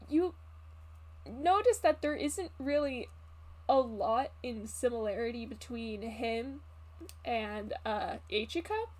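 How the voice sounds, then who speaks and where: A woman narrating as game master in a tabletop game, halting with many fillers. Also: fairly high pitch, a little mellow.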